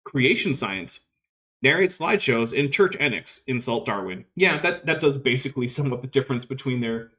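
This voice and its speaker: A man hosts a relaxed livestream. His voice sits at an ordinary middle pitch, and he reads out chat comments and answers them with dry, skeptical asides spoken close to a desk mic. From United States. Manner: wry, skeptical, quick asides. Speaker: host. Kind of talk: casual livestream chat reading viewer comments.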